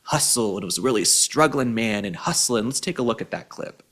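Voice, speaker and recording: A man hosts a political commentary show at a mid-range pitch. He talks in a sarcastic, combative way and keeps mocking his target. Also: lively intonation, a little fast, fairly bright tone.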